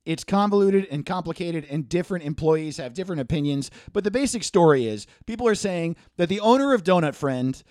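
A man's voice: on the high side, a little fast, few pauses, no room sound, clean studio sound. A man hosting a podcast, delivering a comedic rant, swearing freely and laughing at his own points. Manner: profane, animated, laughing asides. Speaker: podcast host. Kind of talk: comedic monologue.

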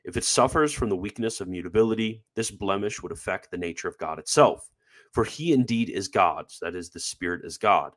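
A man's voice: deep voice, moderate pace, a bit bright. A man hosting a live stream, explaining quotes in a chatty, filler-heavy manner and joking about his own pronunciation. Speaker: host presenting theology quotes. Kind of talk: livestream commentary.

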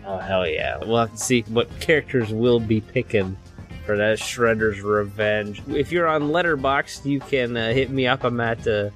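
A man's voice: mid-range voice, moderate pace. A man co-hosting a podcast, joking and rambling through casual chat. His voice sits in a middle register, and faint music runs underneath. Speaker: podcast co-host. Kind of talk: casual chat and show outro.

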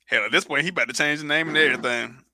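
A man's voice: on the high side, rapid-fire, sharp tone. A man co-hosting a podcast, telling stories in a boisterous, profane, casual way. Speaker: podcast co-host.

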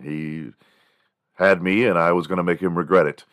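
A man's voice: low voice, steady tone, normal speed, a bit bright, no echo, clean studio sound. A man hosting a show, casually telling stories and mimicking sounds, chuckling as he goes. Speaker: podcast host. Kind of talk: casual storytelling monologue.

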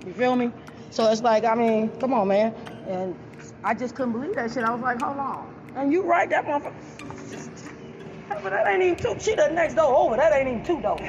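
A woman telling a story in a loud, profane, animated rant. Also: fairly high pitch, fairly quick, highs cut off, background noise. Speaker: storyteller vlogger.

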